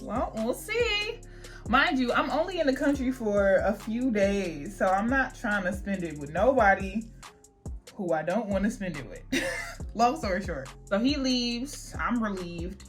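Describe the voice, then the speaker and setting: A woman's voice: medium pitch, expressive, a little slow, soft background music. A young adult woman vlogging while doing her hair at home, telling a story in a chatty, slangy, exasperated way. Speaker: beauty vlogger. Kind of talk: get-ready-with-me storytime.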